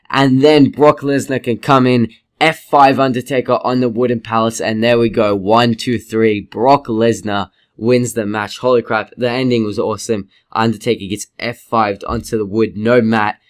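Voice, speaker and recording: Excitable, profane male reviewer. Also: medium pitch. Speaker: wrestling reviewer. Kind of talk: casual video review.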